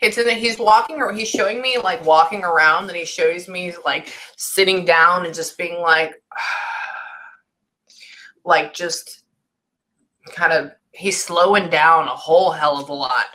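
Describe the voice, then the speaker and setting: A woman giving a casual reading as a psychic medium, halting often to listen and sometimes dropping into soft near-whispers. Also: lowish voice. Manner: halting, keeps breaking off to listen. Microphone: recorded session.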